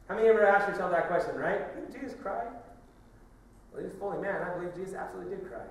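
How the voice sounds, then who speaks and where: A man's voice: high-pitched, animated, fast talker. A middle-aged man, a pastor, preaching a conversational sermon full of questions and asides. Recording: echoey church hall, from a distance.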